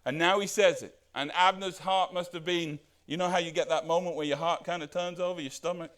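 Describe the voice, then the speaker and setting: A man's voice: high voice, steady tone, brisk, a bit bright. A man pastor preaching a sermon in a conversational way, asking rhetorical questions and acting out the quoted lines.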